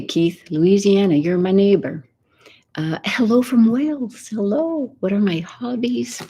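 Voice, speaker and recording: An older woman talking gently and slowly in a soft-spoken ASMR live chat, drifting in and out of whispers. Her voice is mellow and breathy, set a little low. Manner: soft and unhurried, slipping into whispers while reading viewer comments. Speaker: ASMR host. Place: home, Texas.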